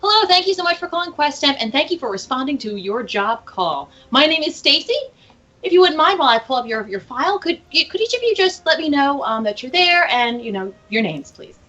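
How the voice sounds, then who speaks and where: A flustered, chatty clerk fumbling through her words, played by a woman game master. Her voice runs high and bright, jumping around in pitch. The recording sounds slightly dull. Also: sing-song, brisk, exaggerated voice. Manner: hesitant, filler-laden. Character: flustered chatty female office clerk Stacy.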